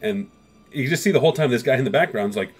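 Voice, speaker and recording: A man's voice: mid-range voice, lively intonation, a little mellow, slightly rough. A man hosting a comics video, recapping old issues in a rambling, casual way and briefly acting out the characters' lines. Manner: rambling, acts out characters' lines in quick asides.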